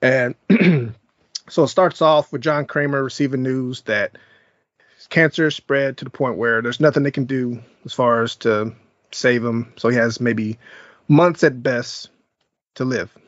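A man's voice: mid-range voice, unhurried, no echo, lo-fi sound. A man hosting a podcast, giving a laid-back, chuckling movie review and recapping the plot. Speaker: podcast host.

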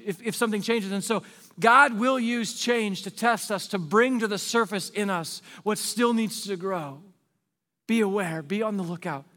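High-voiced pastor preaching in a reverberant hall. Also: male voice, fairly bright tone. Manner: earnest, pleading, repeats rhetorical questions. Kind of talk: sermon.

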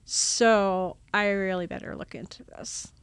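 Lively woman with a gravelly edge. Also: mid-range voice, measured pace, dry recording. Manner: animated, acts out her own past dialogue with laughs. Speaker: religious sister, guest. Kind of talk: casual storytelling interview.

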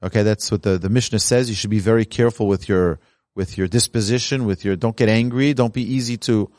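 A man's voice: lowish voice, fairly even intonation, brisk, darkish tone, no echo, clean studio sound. A man, a rabbi, teaching a Talmud class in an earnest, emphatic way. He reads lines from the source text and then explains them in plain speech.

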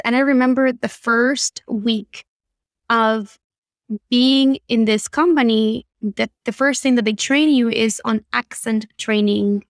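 A young adult woman from Argentina with an Argentine Spanish accent, a guest telling animated stories in an interview. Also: fairly high pitch, no echo, clean studio sound. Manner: animated storyteller, laughs often. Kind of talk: conversational interview.

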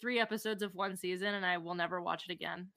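A woman's voice: lowish voice, steady tone, fast talker, pushed and bright, dry recording, clean studio sound. A woman guest on a podcast, chatting bluntly and sarcastically about a film. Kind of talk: casual chat.

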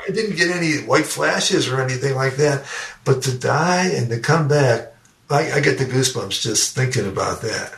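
A man's voice: medium pitch, expressive, moderate pace, vocal fry, a bit bright. An older man, a guest educator and speaker, earnestly telling a personal story in a podcast interview and often repeating his words. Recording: roomy sound, distant from the mic.

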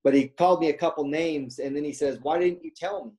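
A man's voice: on the high side, fast talker, a little mellow, poor audio. A man casually telling a story as an interview guest, rambling with lots of fillers and acting out quoted dialogue.

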